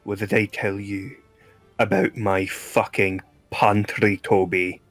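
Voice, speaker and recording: A man voicing a menacing pirate ship cook in a low, threatening voice. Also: level tone, slow pace, no echo, soft background music.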